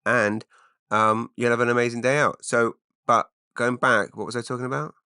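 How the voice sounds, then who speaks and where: A man's voice: medium pitch, fairly even intonation, moderate pace, sharp tone, clean tone, dry recording, clean studio sound. A man, hosting a rambling solo podcast, full of wry asides and self-interruptions. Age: 40s. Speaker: podcast host.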